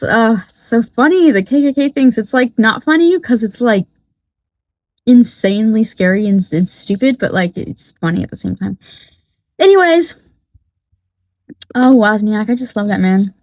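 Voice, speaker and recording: A woman's voice: on the high side, animated, unhurried, long pauses, dry recording. Rambling, laughing woman host. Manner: rambling, laughing, swearing freely. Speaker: podcast host. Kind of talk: casual solo commentary. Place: her home studio.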